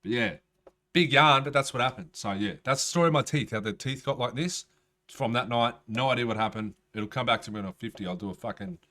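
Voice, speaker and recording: A man's voice: mid-range voice, fast talker, sharp tone. A man, a rapper telling a rambling, profane story in casual storytelling style. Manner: profane, rambling, streetwise slang.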